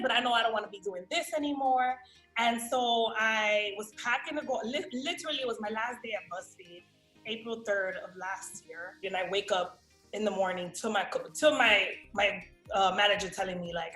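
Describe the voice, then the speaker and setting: A woman with a slight New York-tinged American accent, a guest actress telling a story in a casual interview, animated, swearing freely and acting out the voices of people she quotes. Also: medium pitch, normal speed. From Miami, USA. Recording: roomy echo with faint music.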